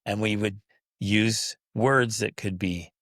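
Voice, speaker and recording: A man's voice: fairly low pitch, slow pace, no echo, studio quality. A man hosting a parenting podcast, chatting casually and acting out the kids and parents he quotes. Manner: acts out quoted kids and parents in lively voices. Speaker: podcast host.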